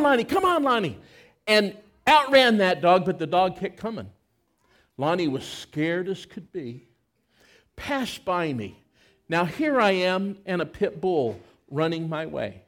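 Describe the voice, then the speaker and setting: High-voiced preacher telling a story slowly. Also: male voice. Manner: dramatic, acts out the scenes. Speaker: pastor. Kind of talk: storytelling sermon. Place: church service.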